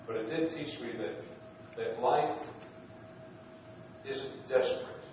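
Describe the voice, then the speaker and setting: A middle-aged male minister spins a personal story with easygoing humor, circling back and restarting his sentences as he goes. His voice sits at an ordinary pitch and rings through a very reverberant sanctuary. It comes from a distance and has clear background noise beneath it. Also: slow pace. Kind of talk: storytelling sermon. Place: church sanctuary. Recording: very echoey hall, distant, noisy.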